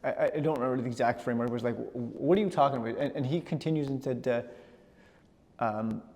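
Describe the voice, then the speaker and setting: A middle-aged man giving a personal storytelling talk, animated, often repeating words as he gathers his thoughts. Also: medium pitch, very fast. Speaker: speaker. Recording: long hall reverb.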